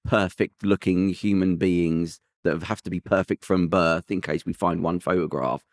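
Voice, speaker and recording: A man hosting a casual podcast chat, telling rambling, emphatic stories in an animated way. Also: low voice, normal speed, no room sound, clean studio sound. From Britain. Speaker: podcast host.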